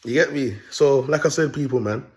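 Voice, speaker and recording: A man's voice: medium pitch, brisk. A young man delivering an unscripted monologue as a self-styled prophet, talking raw and bold in street slang with rambling repeats.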